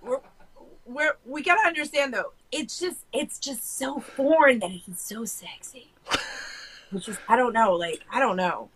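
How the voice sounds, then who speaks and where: American woman, podcast guest; bright, frank, rambling chatter. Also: on the high side, measured pace, husky, rough recording. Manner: rambling, frank, many fillers and restarts. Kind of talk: casual chat.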